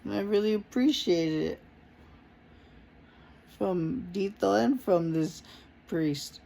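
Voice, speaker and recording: A man's voice: high-pitched, slow pace, creaky, warm tone. A man recording a casual personal message to his partner, speaking earnestly and in a rambling way, with Spanish words mixed into his English. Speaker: vlogger addressing his partner.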